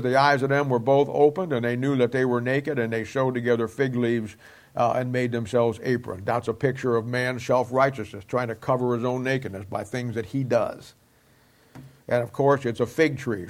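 A man teaching a Bible lesson in a folksy, conversational preaching style, asking his listeners rhetorical questions. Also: mid-range voice.

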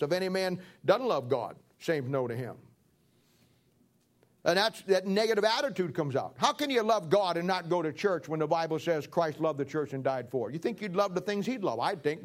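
A man preaching a sermon in a folksy, joking way, acting out little everyday scenes. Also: sits high. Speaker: pastor.

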